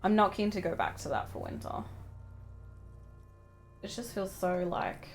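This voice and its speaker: A woman's voice: mid-range voice, sing-song, measured pace, soft background music. A playful, chatty woman with an Australian accent, chatting casually while streaming a game. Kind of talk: casual chat while gaming.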